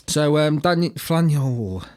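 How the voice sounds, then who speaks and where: A man's voice: a little high, lively intonation, slow, a little mellow. A man co-hosting a podcast, telling family stories with plenty of swearing and laughter. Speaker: podcast co-host. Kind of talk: casual banter, storytelling.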